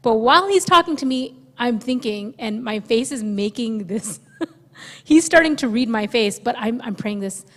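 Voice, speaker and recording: A woman sharing a testimony in a church, telling her story with animated energy, laughing and acting out what she thought. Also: on the high side, moderate pace. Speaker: guest speaker sharing testimony with husband. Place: church sanctuary. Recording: reverberant church sanctuary.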